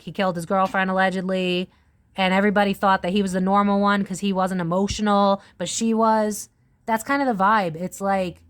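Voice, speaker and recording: A woman giving a casual tarot reading, rambling and swearing, with lots of "it's like" asides. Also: mid-range voice. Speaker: tarot reader.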